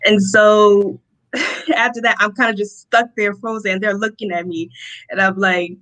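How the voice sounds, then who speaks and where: A young woman from Rochester, New York, a guest telling a personal testimony in an interview, animated and often acting out what people said. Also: medium pitch, a little slow, low-quality recording. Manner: animated storytelling, acting out quotes, laughs often.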